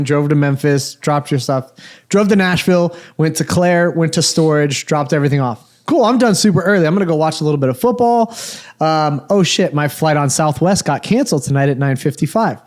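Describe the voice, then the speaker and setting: A man co-hosting a podcast, telling a long travel story in an animated, exasperated, swear-heavy way. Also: a little high, a little fast. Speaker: podcast co-host. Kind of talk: casual storytelling chat.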